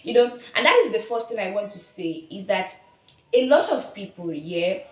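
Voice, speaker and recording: A woman's voice: mid-range voice, expressive, normal speed. A young woman in her twenties with a Nigerian accent, sharing a personal testimony on her vlog in an earnest, emotional way, often repeating herself. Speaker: vlogger. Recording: roomy echo.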